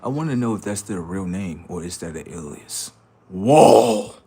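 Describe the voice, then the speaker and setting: A man's voice: low-pitched, expressive, unhurried, warm tone, breathy edge. A man hosting a livestream in a rambling, slangy monologue, often murmuring asides to his viewers. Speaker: livestream host.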